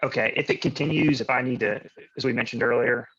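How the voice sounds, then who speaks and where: A man's voice: mid-range voice, quick pace, fairly bright tone, husky, dull audio. Man lecturing over choppy video call. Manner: loose and rambling, often ending with "right?". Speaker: guest presenter, engineer. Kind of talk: lecture opening.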